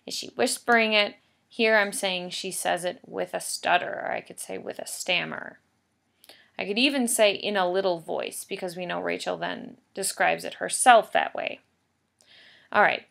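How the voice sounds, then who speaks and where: Her voice is lowish and fairly bright, with vocal fry, as this woman teaches a recorded writing lesson. She goes through the material patiently and explanatorily, emphasizing key points by saying them again.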